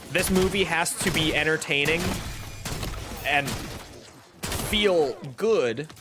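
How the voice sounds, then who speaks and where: A man's voice: on the high side, background noise. A man giving casual gameplay commentary, chatty and rambling, often correcting himself mid-sentence. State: has the hiccups. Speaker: gaming streamer.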